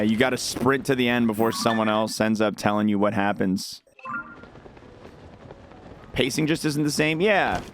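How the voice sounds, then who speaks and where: A young adult man streaming a game, chatting casually and rambling as he answers his chat. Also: mid-range voice. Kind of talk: casual live-stream chat while gaming. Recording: background noise with mouse clicks.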